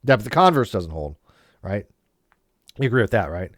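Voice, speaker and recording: A man's voice: on the low side, very animated, normal speed, dry recording, clean studio sound. A man hosting a casual discussion, explaining ideas at length with restarts and frequent checks for agreement. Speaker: debate host.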